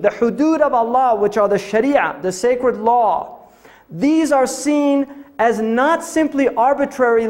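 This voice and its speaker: A man's voice: very high voice, a little mellow. A man lecturing on religion to an audience, explaining ideas step by step, reciting scripture passages and posing rhetorical questions in a conversational tone. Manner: explanatory, defines terms and recites scripture in between.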